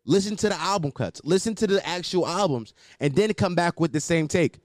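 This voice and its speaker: A man hosting a commentary show, arguing in a profane, animated rant. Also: high voice, brisk, dry recording, clean studio sound. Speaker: commentary host.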